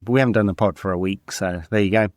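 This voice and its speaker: A man co-hosting a football podcast, animated, talking in bursts and tagging on "right?". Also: lowish voice, fast talker, dry recording, clean studio sound. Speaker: podcast co-host. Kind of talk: casual football chat.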